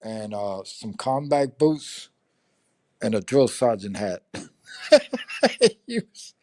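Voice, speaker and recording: A man's voice: on the low side, takes it slowly, warm tone, dry recording. An older man in his seventies or so telling his army yarns, laughing and cursing as he acts out each voice. The sound is close and dry, with no room around it. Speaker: veteran telling stories on a live stream. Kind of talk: casual storytelling chat. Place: home.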